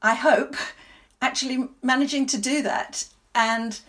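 A stage actress answering interview questions in a thoughtful, halting way, often restarting her sentences. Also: sits high, fairly even intonation, fairly bright tone.

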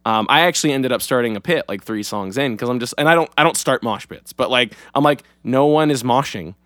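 A fast-talking young podcast co-host with a medium-pitched, sharp-toned voice tells a rambling story in casual chat, heavy on fillers and swearing. There's no room sound.

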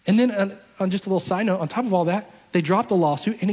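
A man preaches a sermon, telling a story passionately and hammering his points home through emphatic repetition. His high, husky, slightly mellow voice moves fast, echoing with the long reverb of a large hall.

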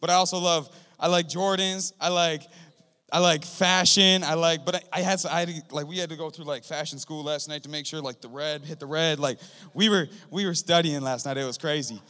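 Excited young man preaching in a church. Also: a little high, a little fast. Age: young adult. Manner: excited, rambling, joking. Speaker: guest preacher. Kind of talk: sermon. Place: church sanctuary. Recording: long hall reverb.

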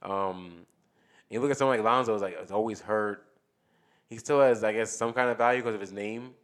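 Man, lowish voice, casual podcast co-host, rambling sports talk, restarts mid-thought. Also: steady tone, brisk. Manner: loose, rambling, thinks aloud with restarts.

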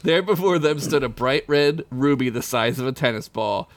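A man's voice: medium pitch, lively intonation, normal speed, no room sound. A man reading a comedic story aloud for a podcast, laughing at his own jokes.

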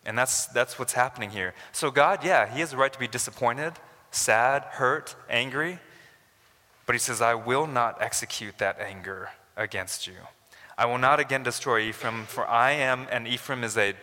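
Bright-voiced male pastor preaching in a reverberant hall. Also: mid-range voice, normal speed. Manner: conversational, builds to emphatic rises. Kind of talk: sermon.

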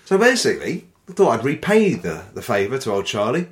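A man's voice: medium pitch, wildly swooping pitch, fairly quick. A man co-hosting a comedy podcast, rambling in a dry, sweary way and laughing mid-sentence. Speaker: podcast co-host. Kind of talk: casual comedy chat.

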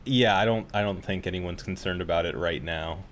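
A man's voice: deep voice, moderate pace, a bit bright, slight background noise. A man co-hosting a casual podcast chat, dropping dry wry asides and short replies. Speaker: podcast co-host.

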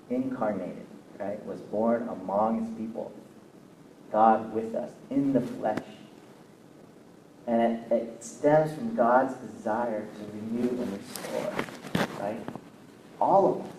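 A man preaching a sermon to his congregation, moving from quiet reflection to excited near-shouting and often checking that they follow him. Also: medium pitch. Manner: asks the congregation for agreement often. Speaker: pastor. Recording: roomy echo, mic at a distance, faint noise.

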